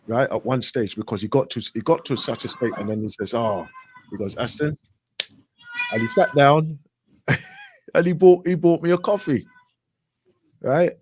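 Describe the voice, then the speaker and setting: A radio show guest with a medium-pitched voice tells a story casually over slight background noise. He acts out both sides of the conversation and keeps repeating himself, often tossing in "right?" and "I goes."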